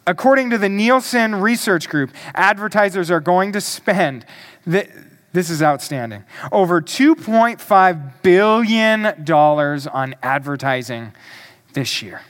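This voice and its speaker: A male pastor preaching a sermon, emphatic and deliberate, asking the congregation questions. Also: high-pitched, expressive, fairly bright tone.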